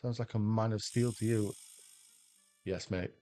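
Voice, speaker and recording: A man's voice: on the low side, steady tone, unhurried, mellow, soft background music. An English man livestreaming slots, chatting casually and rambling as he answers viewers' questions aloud. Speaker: slot livestreamer. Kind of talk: casual chat with stream viewers.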